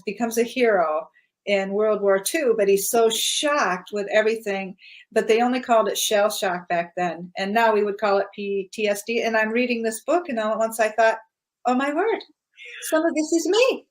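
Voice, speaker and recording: A woman's voice: mid-range voice, fairly even intonation. Earnest older woman telling her story. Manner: earnest, matter-of-fact, many "uh" pauses. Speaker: guest. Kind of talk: personal storytelling in an interview.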